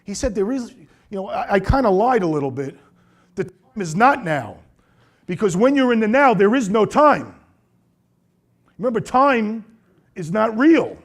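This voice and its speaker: A middle-aged man gives a seminar talk to fellow chiropractors in a voice that sits a little high. He tells stories with energy and acts out the people he quotes. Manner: lively storyteller who acts out quoted voices. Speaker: chiropractor speaking to colleagues.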